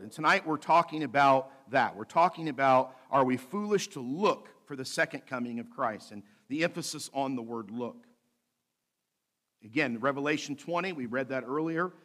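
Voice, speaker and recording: Man preaching with gentle humor. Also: on the high side. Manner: preaching with light humor, slows to read scripture aloud. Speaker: pastor. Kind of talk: sermon.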